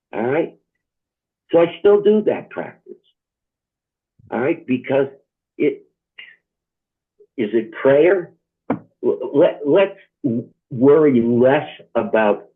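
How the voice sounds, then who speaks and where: A man, a rabbi, telling a story slowly and reflectively in a conversation, often checking in with "all right?". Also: mid-range voice, husky. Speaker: rabbi, guest speaker. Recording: tinny phone-like line.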